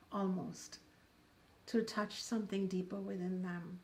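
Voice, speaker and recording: A woman's voice: medium pitch, flat delivery, slow. A woman spiritual teacher giving a talk, telling a parable in a storyteller's manner and drawing out key words for emphasis, then leading a guided meditation.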